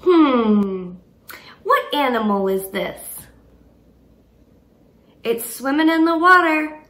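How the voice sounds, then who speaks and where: Slow, bright sing-song woman teacher. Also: sits high, very animated. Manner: slow, sing-song and encouraging, with gasps of delight. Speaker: children's teacher. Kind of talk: toddler learning video.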